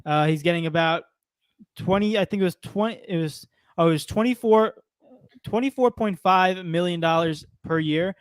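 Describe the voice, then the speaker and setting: A young man co-hosting a sports show, talking through contracts and stats in a relaxed way. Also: high-pitched, moderate pace, clean tone, no room sound, studio quality. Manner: relaxed, lists stats and numbers. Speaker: podcast co-host. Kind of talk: casual sports talk.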